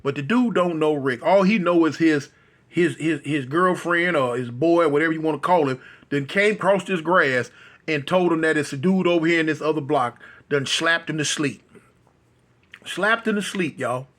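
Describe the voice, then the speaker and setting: A man spins a casual story with lots of fillers and restarts. His voice sits high and sounds bright and sharp, and he gets lively as he goes. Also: moderate pace. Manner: animated, rambling with many fillers and repeats.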